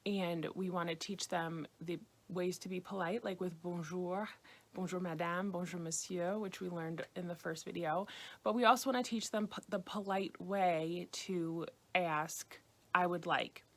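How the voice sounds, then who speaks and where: An American woman teaching beginners a language lesson, patiently repeating phrases slowly. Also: on the low side, steady tone. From United States. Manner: patient, slow repetition of phrases. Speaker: French teacher.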